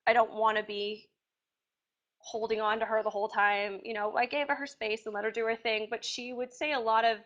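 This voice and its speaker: A woman answering interview questions casually, chatty and animated, with acted-out quotes. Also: fairly high pitch, brisk. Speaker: reality TV contestant being interviewed. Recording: dull lo-fi sound.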